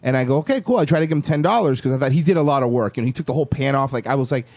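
A man telling a story in casual chat, animated and swearing, acting out the lines of the people in it. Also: medium pitch, racing, no echo. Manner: animated, swearing, acts out quotes.

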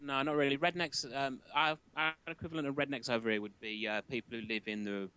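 A man's voice: medium pitch, fairly even intonation, quick pace, pushed and bright, clear, resonant tone, dull audio. A middle-aged British man chatting casually on a podcast, with dry, wry humour. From Britain. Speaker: guest. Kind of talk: casual chat.

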